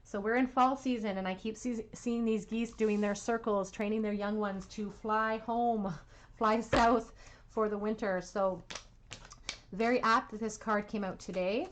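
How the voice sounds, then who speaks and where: A woman giving a pick-a-card tarot reading at home, soothing and reassuring, with soft laughs. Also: medium pitch, fairly even intonation, measured pace, slight background noise. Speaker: tarot reader.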